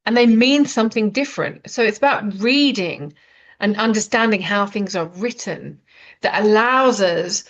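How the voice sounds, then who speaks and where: A woman's voice: medium pitch, expressive, normal speed. A woman from Britain, an author and writing coach, talking casually and rambling with many fillers and restarts. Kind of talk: casual spoken talk. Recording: dull lo-fi sound.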